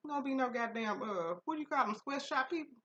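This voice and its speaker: A woman podcast host reading a listener's story aloud in a casual, profane way, breaking into loud laughter and shrieking asides. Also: high voice, fast talker, highs cut off, slight background noise.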